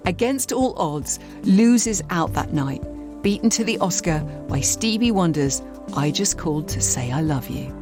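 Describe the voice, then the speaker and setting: An English woman presenting and narrating a documentary in a lively storytelling style. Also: fairly low pitch, unhurried. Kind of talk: scripted narration. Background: faint music.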